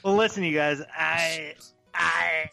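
A man co-hosting a casual comedic chat, loud and joking, swearing freely. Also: fairly high pitch, steady tone, takes it slowly, vocal fry, faint music behind. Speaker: co-host.

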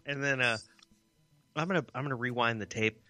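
A man co-hosts a podcast with wry, teasing humor and the odd curse. His voice sits at a middling pitch and sounds dry and close, with faint music underneath. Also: brisk, sharp tone, no room sound. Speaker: podcast co-host. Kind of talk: casual comedic chat.

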